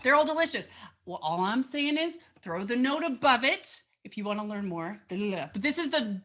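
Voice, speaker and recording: A woman's voice: a little high, very animated, normal speed, a bit bright. A woman teaching fiddle in a casual online lesson, bubbly and chatty with playful asides, heard over a video call.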